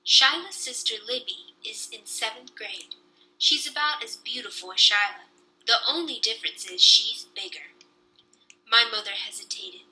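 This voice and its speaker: A young woman reading a children's book aloud with lively storytelling. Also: on the high side, moderate pace, rough recording.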